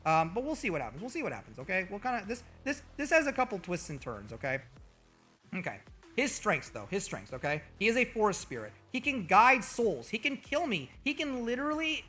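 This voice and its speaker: High bright voice, guy streaming and cussing a lot, swings all over in pitch, bit of music playing low behind him. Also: fairly quick. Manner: animated, profane, mock-boastful. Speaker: VTuber streamer. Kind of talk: casual livestream commentary.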